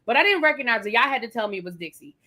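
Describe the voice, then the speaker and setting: A woman's voice: fairly high pitch, expressive, rapid-fire, pushed and bright. A woman co-hosting a soap opera recap livestream, chatty and emphatic, often repeating herself for effect. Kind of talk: casual livestream chat.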